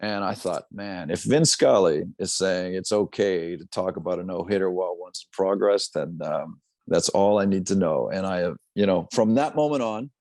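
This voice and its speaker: A middle-aged sportscaster telling a story in an interview, lively and acting out the quoted voices. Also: male voice, deep voice, normal speed, no echo. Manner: animated storyteller, acts out quotes. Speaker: sportscaster guest.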